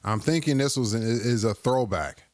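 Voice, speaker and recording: A man's voice: mid-range voice, measured pace, darkish tone, dry recording. A man hosting a livestream, chatting casually as he reacts to clips in a rambling, joking, self-deprecating way. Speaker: livestream host.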